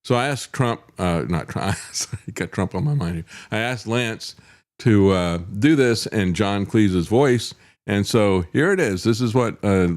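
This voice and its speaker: A man's voice: fairly low pitch, darkish tone. A middle-aged man hosting a commentary show, sardonic and chuckling, with frequent "uh" fillers. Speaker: host.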